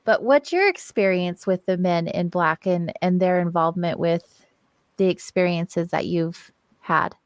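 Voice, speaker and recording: A woman's voice: on the low side, a little slow, clean tone, dry recording. A woman hosting a casual interview, asking questions in a friendly way. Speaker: host.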